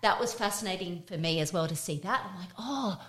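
Middle-aged woman guest, lowish voice, reflective storyteller, casual. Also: animated, brisk, a bit bright. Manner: reflective, storytelling, many fillers. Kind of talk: casual chat.

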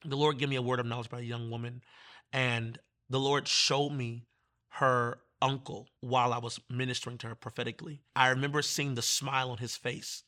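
A man from Virginia, a guest minister, telling his testimony in conversation in an animated way and acting out the voices he quotes. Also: mid-range voice, fairly quick.

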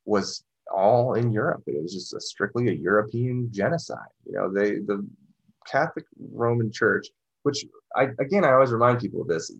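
A man's voice: fairly low pitch, slightly rough, dull audio. A man talking in a casual podcast discussion, rambling and restarting, full of "you know".

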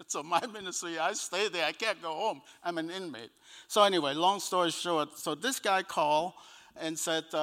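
A pushed, bright, fairly high voice at normal speed belongs to an older man with a Cambodian accent, an evangelist relating a personal story in an interview. Between sentences he chuckles, and he acts out quoted dialogue, with long echoey reverb on the audio.

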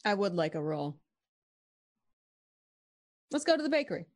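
Relaxed woman playing a tabletop game. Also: medium pitch, normal speed, no room sound. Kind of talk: casual in-character play.

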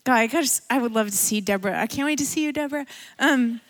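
A woman preacher giving a sermon in church, retelling a story with animated energy and frequent laughter. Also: on the high side, fast.

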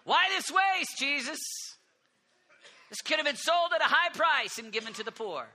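A man's voice: very high-pitched, expressive, moderate pace, sharp tone, slight background noise, voice pushed up, full character voice. A man voicing an indignant adult male disciple who is complaining in a raised, exasperated tone.

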